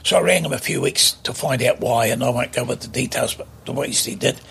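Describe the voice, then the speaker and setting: Gravelly older New man. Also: mid-range voice, brisk, a bit bright, slight background noise. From New Zealand. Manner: blunt, emphatic, repeats himself. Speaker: guest. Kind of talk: casual interview storytelling.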